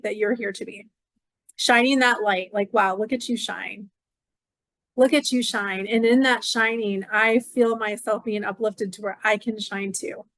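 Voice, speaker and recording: A middle-aged woman speaks in a fairly high voice, recorded dry and close with no room around her. She talks in a rambling, heartfelt way, circling back on her own phrases and leaning on "like" as she hosts her astrology channel. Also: dry recording. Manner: effusive, repeats phrases, many "like" fillers. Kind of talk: casual spiritual monologue.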